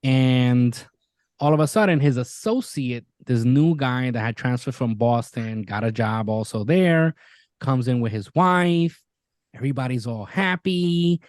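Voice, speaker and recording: Animated, swearing man retelling a show. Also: mid-range voice, measured pace, clean tone, dry recording. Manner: animated storyteller, swears freely, retells scenes with quoted voices. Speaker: podcast co-host. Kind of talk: casual chat.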